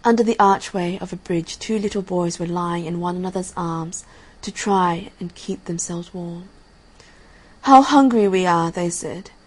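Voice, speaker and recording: Female storyteller for a fairy tale; breathy tone, lowish pitch, calm and measured. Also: rough recording. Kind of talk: storybook reading.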